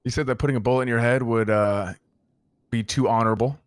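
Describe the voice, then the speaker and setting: A man's voice: mid-range voice, steady tone, fast talker, clean tone, no echo, clean studio sound. A man in character in an online roleplay, telling a heated, profane story to a friend. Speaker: roleplay gang member recounting events.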